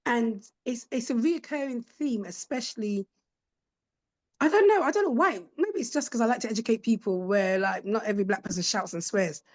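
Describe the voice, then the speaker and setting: A woman's voice: on the high side, animated, normal speed. A woman, a podcast guest telling stories in a casual chat and acting out the voices of the people she quotes. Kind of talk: casual storytelling interview.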